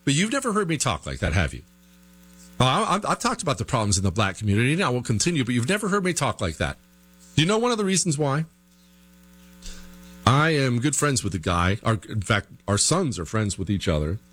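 Animated male talk host, big pitch swings. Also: a little fast, slightly rough. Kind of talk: opinion monologue to listeners.

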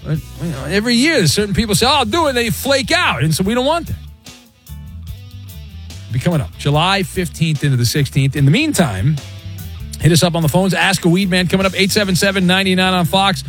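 A man hosting a talk radio show, joking and ribbing callers in brash, quick patter. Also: high-pitched, animated, a bit bright, faint music behind. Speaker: radio host. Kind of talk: sports talk radio banter.

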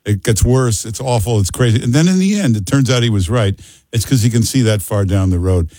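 A man's voice: lowish voice, animated, brisk, warm tone, dry recording. A man hosting a call-in radio talk show, emphatic and joking, repeating himself for effect.

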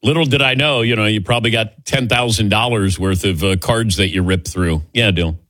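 A man's voice: on the low side, brisk, fairly bright tone, no echo, studio quality. A man in his sixties hosting a radio sports call-in show, chatty and self-deprecating, laughing often. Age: 60s. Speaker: radio sports talk host. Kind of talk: casual call-in chat.

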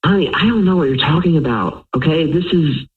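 Brief: husband on a phone line, thin tinny sound, defensive, stumbles over words. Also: male voice, fairly high pitch, fairly quick, breathy edge. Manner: hesitant, stammering, defensive.

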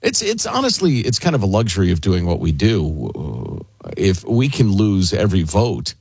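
Wry, wildly expressive radio co-host man. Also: low-pitched, husky, no room sound. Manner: wry, joking, quick asides. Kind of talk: casual talk radio banter.

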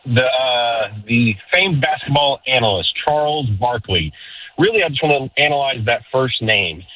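A man's voice: medium pitch, lively intonation, moderate pace, no echo. Wry male caller on a tinny phone line. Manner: easygoing, wry. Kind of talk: call-in chat.

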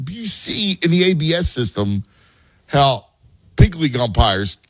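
A man's voice: on the high side, big pitch swings, a little slow, a bit bright, dry recording. A man who coaches youth baseball and has a son, chatting casually and explaining game strategy with many restarts. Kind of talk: casual podcast chat.

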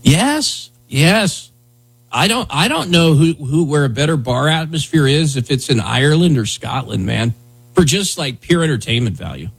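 Husky, rambling radio host, a man. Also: a little high, animated, moderate pace. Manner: loose, rambling, lots of "dude" and "man". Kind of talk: casual talk radio banter.

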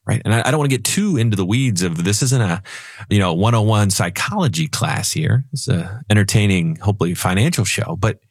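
A man's voice: lowish voice, husky, dry recording, clean studio sound. A man co-hosting a financial radio talk show, telling stories in a playful, emphatic way.

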